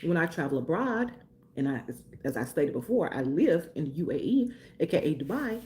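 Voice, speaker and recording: A woman from Mississippi hosting a casual live stream, talking fast and chatting playfully with viewers while getting over a sore throat. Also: low-pitched, very animated, a little mellow. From Mississippi, USA.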